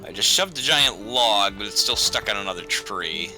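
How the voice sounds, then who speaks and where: Chatty gamer guy, very bright tone, lively swings, rambling banter, light music bed. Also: lowish voice. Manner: rambling, chatty, quick to joke. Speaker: gamer streaming with friends. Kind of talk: casual gaming chat.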